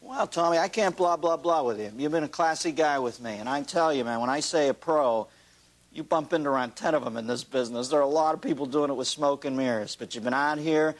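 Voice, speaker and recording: A man guesting on a late-night talk show, cracking wise and paying tribute to the host. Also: a little high. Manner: fast-talking, wisecracking. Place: television studio.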